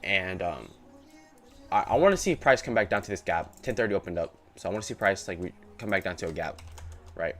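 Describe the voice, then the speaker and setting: Young male day trader streaming live, loose slangy chatter, voice bouncing up and down, quiet music under him. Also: low voice, animated, a little fast. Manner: slangy, rambling, keeps saying bro. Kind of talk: casual live-stream chat. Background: faint music playing.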